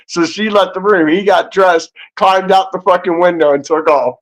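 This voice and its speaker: A man telling a casual anecdote in an animated way. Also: high-pitched, normal speed. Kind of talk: casual storytelling.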